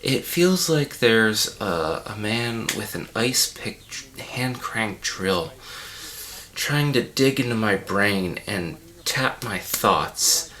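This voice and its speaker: A self-important male art-film director, queasy and dizzy, rambling through a comedy commentary track in a bright, forceful voice, as a man puts him on. He drifts between panic and grandeur. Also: fairly low pitch, lively intonation, slow, exaggerated voice. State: unwell and dizzy.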